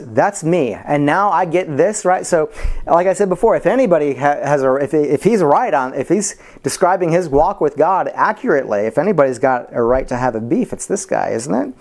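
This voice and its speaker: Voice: animated, normal speed. A pastor preaching a sermon, asking the congregation rhetorical questions, repeating key words for emphasis and explaining word definitions. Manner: repeats key words for emphasis, dropping to soft low tones and rising high.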